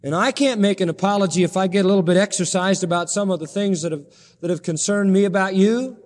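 A man preaching a sermon as pastor, pleading and impassioned, with his pitch climbing sharply at the high points. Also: quick pace, long reverb tail.

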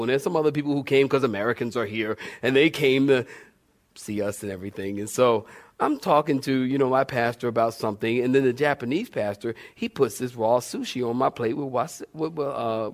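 A man preaching a sermon, telling a funny personal story and reading scripture, with lively repetition and questions to the congregation. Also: medium pitch. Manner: animated storyteller, repeats phrases, asks the congregation questions. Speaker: pastor.

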